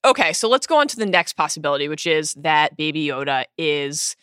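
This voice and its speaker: Co-host, woman, bright bubbly delivery, dry close studio sound. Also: low voice, expressive, clean tone, no echo. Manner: bubbly, laughs often, quick bursts. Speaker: podcast co-host. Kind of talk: casual podcast chat.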